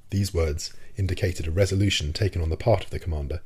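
Deep-voiced man narrating a classic novel. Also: steady tone, quick pace, hardly any pauses, darkish tone, breathy edge. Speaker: audiobook narrator. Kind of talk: scripted narration.

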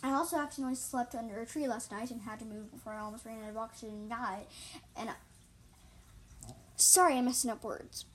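A woman's voice: a little high, steady tone, fast, fairly bright tone, slight background noise, low-quality recording. A woman reading her own story aloud, often tripping over words and correcting herself. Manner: frequent slips and self-corrections. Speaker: reader.

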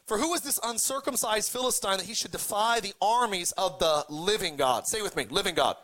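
A man's voice: sits high, lively intonation, brisk, pushed and bright. A man preaching a sermon as pastor, cracking jokes, retelling scripture casually and having the congregation repeat words back. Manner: joking, leads the congregation in call-and-response.

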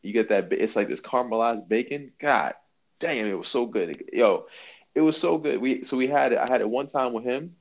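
A man co-hosting a podcast, talking in an animated, emphatic, slangy way and swearing freely. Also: medium pitch, fairly quick, vocal fry, highs cut off. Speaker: podcast co-host. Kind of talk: casual chat. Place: New York.

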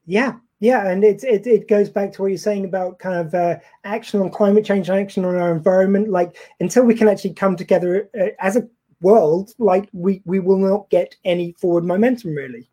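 Mellow-voiced woman host. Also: mid-range voice, a little fast. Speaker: podcast host. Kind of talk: casual interview.

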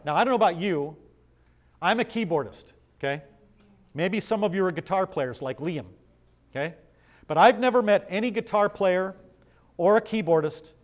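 Conversational male pastor teaching scripture. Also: fairly high pitch. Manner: conversational, asks the room questions, reads passages aloud. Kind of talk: Bible study sermon.

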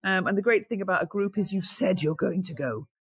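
A woman guest chatting in a lively, storytelling way, acting out the voices of people in her stories. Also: medium pitch, brisk, breathy edge. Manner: animated storyteller, acts out quoted voices. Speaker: guest, founder of a cold water swimming group. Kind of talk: lively anecdotal conversation.

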